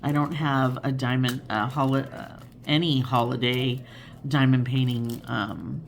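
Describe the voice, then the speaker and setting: A woman's voice: a bass voice, steady tone, measured pace, vocal fry, slight background noise. A woman in her fifties hosting a casual crafting chat, rambling and chatty and laughing often. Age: 50s. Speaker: crafting channel host.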